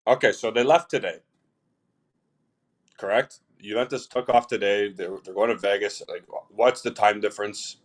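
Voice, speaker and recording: A man's voice: lowish voice, fairly even intonation, moderate pace. A man calling into a casual show, laying out his points in a matter-of-fact, laid-back way. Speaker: caller. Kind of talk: casual call-in chat.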